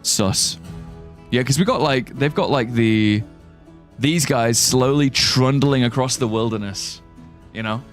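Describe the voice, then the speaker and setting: A man's voice: medium pitch, unhurried, soft background music. A young man chatting casually while he streams a game, rambling, joking and reading viewer messages aloud. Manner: chatty, rambling, reads chat aloud and jokes. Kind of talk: casual live-stream gameplay commentary.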